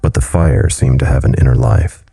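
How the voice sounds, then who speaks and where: Deep, gravelly male horror-story narrator, grave and measured, over faint music. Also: mellow.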